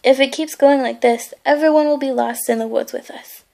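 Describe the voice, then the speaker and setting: A woman's voice: high voice, steady tone, normal speed, creaky, mellow. A sarcastic greedy cartoon cat, as a woman reads him aloud. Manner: grumbling, dry sarcasm. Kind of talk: reading a storybook aloud.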